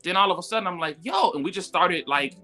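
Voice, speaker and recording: A man telling a story in casual live-stream talk, animated and full of "like" and "yo", jumping high when he quotes people. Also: quick pace, soft background music. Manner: animated, acts out quotes with sudden high pitch jumps; frequent fillers "like" and "yo". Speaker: guest entrepreneur.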